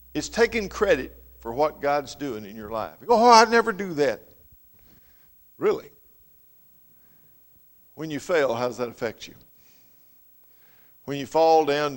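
Preacher in an echoing hall. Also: male voice, medium pitch. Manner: earnest preaching that swells loud and drops soft. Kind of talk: sermon.

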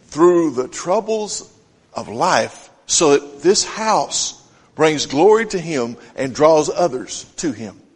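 A pastor preaching a sermon who reads scripture aloud and drives home each point with short repeated phrases. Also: male voice, on the high side, breathy edge. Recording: long hall reverb.

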